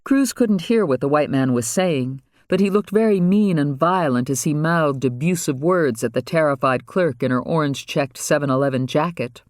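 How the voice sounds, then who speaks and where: A man's voice: a little high, normal speed, few pauses, no room sound. Man narrating a crime audiobook, dry sound. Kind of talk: scripted narration.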